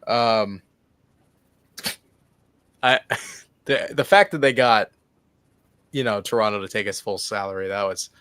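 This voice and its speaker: A man co-hosting a podcast in casual chat, animated at times and acting out what others might say. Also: on the low side, a little slow, pauses often, clean tone, no echo. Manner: animated, laughs, acts out quotes. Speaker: podcast co-host.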